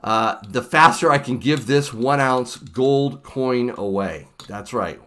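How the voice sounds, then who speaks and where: A middle-aged man from the United States hosting a casual livestream, chatty and animated, laughing often. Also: mid-range voice, takes it slowly. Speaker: livestream host.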